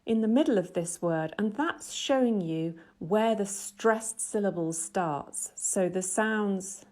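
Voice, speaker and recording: A middle-aged woman, an English teacher, giving a clear, measured, scripted lesson voice-over with patient explanations. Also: mid-range voice, a little mellow.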